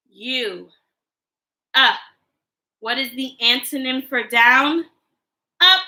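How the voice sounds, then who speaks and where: A woman teaching young children over a livestream, playful and sing-song, acting out each word of an alphabet warm-up. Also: sits high, takes it slowly, long pauses. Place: home livestream.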